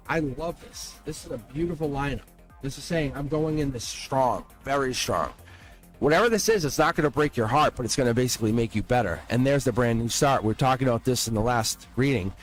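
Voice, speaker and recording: A man giving a live-stream tarot reading, excitable and blunt, swearing and laughing as he talks to viewers. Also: medium pitch. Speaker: tarot reader.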